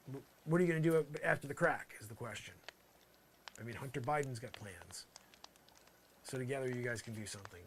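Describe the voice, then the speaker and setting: Guy ranting for laughs, sarcastic and rambly, kinda high voice, bit of faint noise. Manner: rambling, sarcastic and exasperated, swings between loud outbursts and muttered asides. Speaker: comedian performing a character monologue. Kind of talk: improvised comedic rant.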